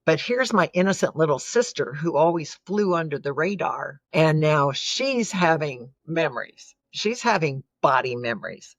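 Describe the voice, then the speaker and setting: A woman's voice: low voice, lively intonation, normal speed, hardly any pauses, no echo. A woman giving an earnest, emotional personal testimony as a guest in an interview. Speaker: podcast guest.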